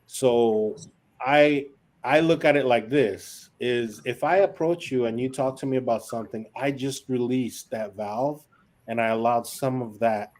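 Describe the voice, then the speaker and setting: A man's voice: medium pitch, a little slow, darkish tone. A man who is a military veteran, telling blunt, profane stories on a podcast and acting out the dialogue. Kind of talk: casual storytelling on a podcast.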